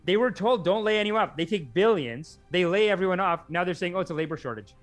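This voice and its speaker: A man's voice: sits high, lively intonation, quick pace, faint music behind. A man co-hosting a casual political chat, blunt, dismissive and swearing freely. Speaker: podcast co-host.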